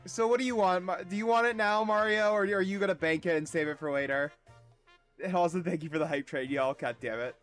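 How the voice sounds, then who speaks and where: A man's high, somewhat bright voice moves with fairly even intonation as soft background music plays during his game stream. He chats profanely and casually, makes jokes about himself and aims quick asides at his viewers.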